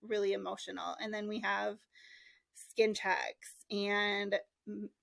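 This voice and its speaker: A woman's voice: medium pitch, little pitch movement, slow, creaky, a bit bright, no room sound. A woman hosting a podcast, speaking in a heartfelt, reflective way in casual interview chat. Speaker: podcast host.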